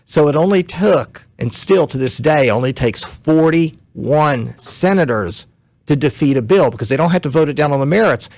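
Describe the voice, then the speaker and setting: A man's voice: a little high, lively intonation, darkish tone, dry recording. A man who is a guest commentator, explaining law step by step on a talk radio show, short on sleep. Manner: measured, explains step by step, some restarts.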